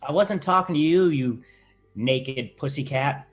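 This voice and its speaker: A man's voice: a little high, sing-song, a little fast, soft background music. A man voicing a cheeky, teasing little male dog ranger in a tabletop game. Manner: teasing, playful jabs. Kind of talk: tabletop role-play over voice chat.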